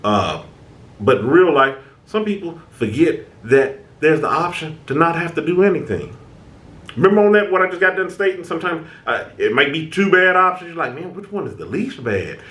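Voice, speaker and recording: A man talks straight to his viewers in a loose, conversational way. His pitch swings up and down a lot as he acts out what they might be thinking, and he often doubles back on his words. The room around him has a noticeable echo. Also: animated, moderate pace, fairly bright tone. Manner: conversational, acts out inner thoughts, repeats words. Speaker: self-help video host. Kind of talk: casual motivational talk to camera. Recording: echoey room.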